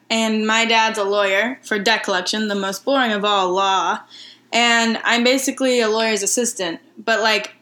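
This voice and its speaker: Young woman podcast co-host, bright tone, animated storyteller. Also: fairly high pitch. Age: young adult. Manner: animated storytelling with voiced asides. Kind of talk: casual chat.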